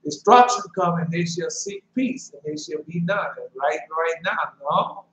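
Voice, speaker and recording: A man's voice: fairly high pitch, expressive, unhurried, a bit bright. A man preaching an informal sermon, reading scripture and breaking into loose, conversational asides. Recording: echoey, dull lo-fi room recording with faint hum.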